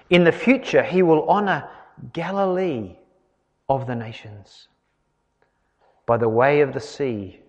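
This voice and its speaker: A man preaching a sermon in an expressive, conversational way, chatting with his congregation as he explains the passage. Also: on the high side, long reverb tail. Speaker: pastor.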